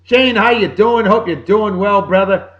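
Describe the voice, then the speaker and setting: A man with a Boston accent hosting a casual show, giving upbeat, jokey birthday shout-outs. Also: high-pitched, measured pace, highs cut off. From Massachusetts. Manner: upbeat, jokey, sing-song greetings. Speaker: podcast host.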